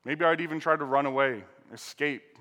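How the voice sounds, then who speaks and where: Bright-voiced male preacher in a reverberant hall. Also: fairly high pitch, moderate pace. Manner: dramatic, emphatic, full of rhetorical questions. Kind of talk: sermon with scripture reading. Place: church hall with an audience.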